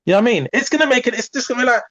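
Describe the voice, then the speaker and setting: A man coaching on a video call, chatty and animated, acting out little examples as he talks. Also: very high-pitched, rapid-fire, highs cut off. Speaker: community coach. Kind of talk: live video call masterclass.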